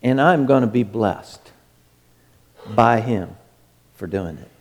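Male preacher, fervent, unhurried delivery, lingering reverb of a large room. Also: fairly low pitch. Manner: fervent, swings from loud urging to soft hush. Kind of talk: sermon.

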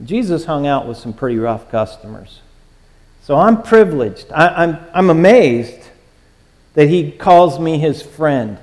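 A man's voice: a little high, animated, measured pace, darkish tone, big-room sound. A man preaching a sermon as pastor, earnest and emphatic, with many filler "uh"s.

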